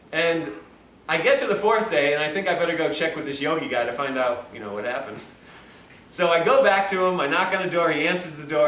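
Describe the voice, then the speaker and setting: Male health lecturer, slightly high voice, conversational storytelling, echoey room, distant mic. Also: bright, forceful tone. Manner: conversational, acts out quoted dialogue. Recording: echoey room from far off, faint hiss.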